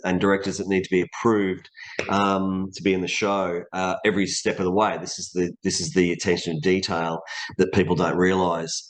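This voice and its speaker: An Australian man, a voice actor being interviewed, talking in a loose, rambling way and laughing easily. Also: deep voice. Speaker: voice actor guest. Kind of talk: casual interview chat.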